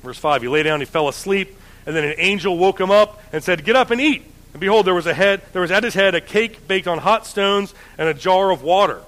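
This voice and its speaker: Man, preacher, bible teaching, conversational, high-pitched. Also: fairly quick, fairly bright tone, poor audio. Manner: conversational, paraphrases scripture in everyday slang. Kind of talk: Bible teaching, reading and commenting.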